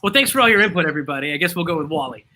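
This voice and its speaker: A man's voice: on the high side, animated, racing, pushed and bright, a little hiss or hum, rough recording. A man hosting a casual chat over drinks, laughing often and making fun of himself. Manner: laughs often, self-mocking.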